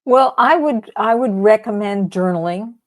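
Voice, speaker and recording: A woman's voice: medium pitch, lively intonation, normal speed. A woman guest, a grief coach, explaining her methods in a reflective, casual interview. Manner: reflective, explaining with many fillers.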